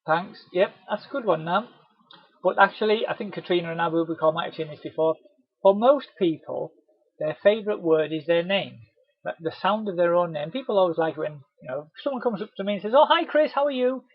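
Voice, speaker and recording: A man's voice: on the high side, a little fast, husky, no room sound, muffled recording. Chatty man leading a sales webinar. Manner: chatty, reassuring, acts out doorstep greetings. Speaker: webinar presenter. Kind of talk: casual training webinar.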